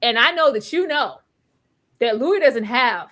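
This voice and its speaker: Animated, high bright-voiced woman. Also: measured pace. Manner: animated and emphatic, with bursts of exasperated exclamations. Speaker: TV recap podcast host. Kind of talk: casual chat.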